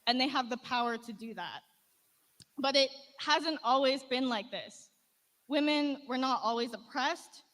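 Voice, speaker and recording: High-voiced woman speaking in a reverberant hall. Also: measured pace, a bit bright. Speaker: conference speaker. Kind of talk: prepared speech. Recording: played-back speech with long hall reverb.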